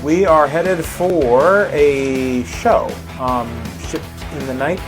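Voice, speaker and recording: A man's voice: a little high, slow pace, music in the background. A man co-hosting a travel vlog aboard a cruise ship, adding dry, quippy asides. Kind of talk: casual vlog chat.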